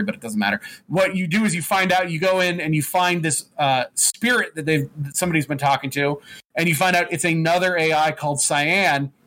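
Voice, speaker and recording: A man in casual chat, recapping a video game story in a rambling, profane way and dropping into quick put-on voices. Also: on the high side, fairly bright tone.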